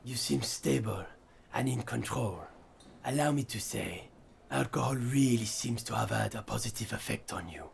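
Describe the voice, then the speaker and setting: Guy doing a raspy rude dude in sunglasses, low mutter, faint hiss behind. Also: moderate pace. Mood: mocking. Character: sneering disguised man in sunglasses, impatient and mocking.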